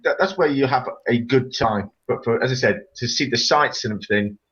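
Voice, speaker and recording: A British man in his forties, mid-pitched, talking in a chatty, rambling and blunt way. His voice comes through a muffled, lo-fi remote call. He sounds like a host in loose conversation. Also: brisk, fairly bright tone. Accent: British English. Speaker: podcast host. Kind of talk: casual interview chat.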